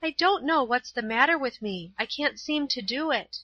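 A woman's voice: high-pitched, animated, moderate pace, pushed and bright, no room sound, voice pushed up, heavily acted. A woman reading aloud voices a pious, kind-hearted schoolgirl in a raised, eager, pleading tone. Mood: eager, anxious. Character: earnest pious schoolgirl, timid but kind. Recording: slightly dull, dry.

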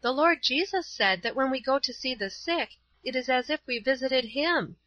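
A woman's voice: high voice, expressive, moderate pace, bright, forceful tone, pitched above the performer's own voice. A woman reading aloud voices a pious, kind-hearted schoolgirl in a raised, eager, pleading tone. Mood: earnest, pleading. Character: earnest pious schoolgirl, timid but kind. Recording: slightly dull, dry.

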